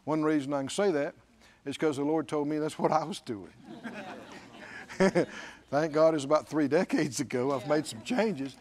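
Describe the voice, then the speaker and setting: A man's voice: a little high, moderate pace, long pauses, darkish tone. A man preaching a sermon as pastor, emphatic, repeating phrases and quoting scripture.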